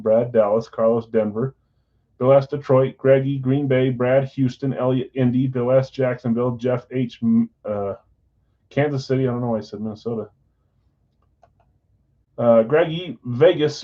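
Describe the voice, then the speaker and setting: A man hosting a live card break, talking casually and rattling off names and teams in quick runs. His voice sits at an ordinary middle pitch. The stream audio is a little dull and muffled. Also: mellow. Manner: chatty, reads out names and teams in quick lists.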